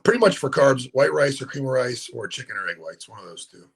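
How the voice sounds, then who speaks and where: A man who coaches bodybuilding, answering interview questions in a relaxed, halting way with frequent ums. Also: medium pitch, creaky, breathy edge, poor audio. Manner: relaxed, hesitant, many ums and restarts.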